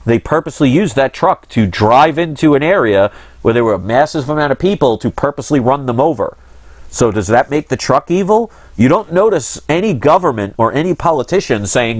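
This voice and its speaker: A man's voice: mid-range voice, animated, a little fast, no room sound. A man hosting his own channel, talking in a casual monologue that is earnest, rambling and frustrated. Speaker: channel host.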